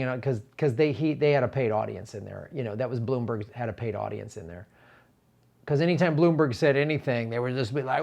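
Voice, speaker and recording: A man's voice: on the high side, a little mellow. A man who is a comedian, giving casual political commentary in a profane, exasperated rant full of stammered restarts.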